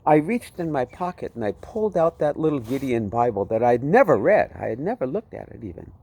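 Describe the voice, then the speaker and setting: A man's voice: mid-range voice, big pitch swings, a little fast, warm tone. A man telling his personal testimony in a vivid, dramatic way. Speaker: storyteller giving his testimony.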